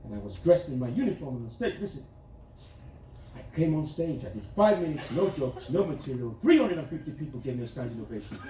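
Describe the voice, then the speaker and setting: A man's voice: medium pitch, big pitch swings, quick pace, a little hiss or hum, lightly acted. A man playing a brash dictator president on stage. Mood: boastful. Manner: boastful, crude, teasing the audience. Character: pompous self-styled African dictator president, male, brash. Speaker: stand-up comedian. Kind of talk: live stand-up in character. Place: large theater, live audience. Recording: echoey theater from a distant mic, loud crowd.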